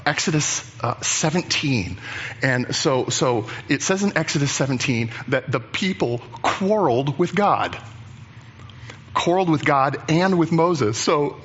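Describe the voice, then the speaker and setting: A man preaching a sermon as pastor, animated and chatty, acting out the voices of Bible figures. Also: fairly high pitch, husky, dull audio.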